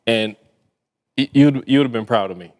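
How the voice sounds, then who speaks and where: A man's voice: mid-range voice, normal speed, a little mellow. Earnest man talking in a hall. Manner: earnest, laughs easily. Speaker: podcast co-host. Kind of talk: casual conversation.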